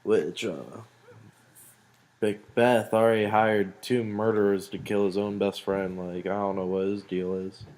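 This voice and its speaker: A man's voice: fairly low pitch, steady tone, a little slow, a little mellow. A young man rambling through a comic retelling of a play for school, slangy with dry asides. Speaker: student presenter.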